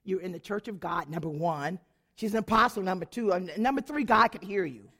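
A woman's voice: lowish voice, brisk, fairly bright tone. A woman giving a church testimony, telling her story animatedly, acting out the dialogue and laughing often.

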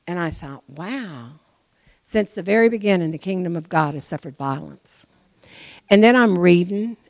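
Animated woman giving church testimony. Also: fairly low pitch. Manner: chatty, animated, swings between quiet asides and loud emphatic preaching. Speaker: speaker sharing a testimony. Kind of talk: informal sermon testimony.

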